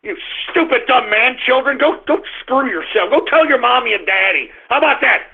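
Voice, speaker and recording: Man, radio host, angry rant, very high raspy voice, tinny phone-line sound. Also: expressive, moderate pace. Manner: aggressive, shouting, insulting. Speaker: radio talk show host. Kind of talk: angry ranting monologue.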